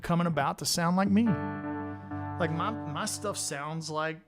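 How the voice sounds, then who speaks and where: A man, hosting a casual guitar livestream, talking in an animated, rambling way and often repeating his words. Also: a little high, a little slow. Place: home studio.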